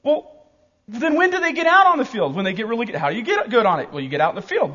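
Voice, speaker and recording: A man in his forties preaching a sermon in an animated, emphatic, joking way. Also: very high voice, fast, in a large hall, lo-fi sound.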